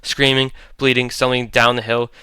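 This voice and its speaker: Bright, clear male horror narrator. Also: mid-range voice, level tone, dry recording. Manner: dramatic, deliberate storytelling.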